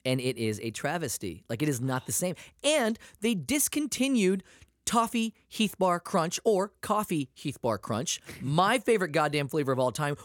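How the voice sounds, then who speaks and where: A slightly high male voice comes through a dry recording with clean studio sound. He co-hosts a podcast, telling stories and chatting casually with plenty of swearing, animated and profane throughout.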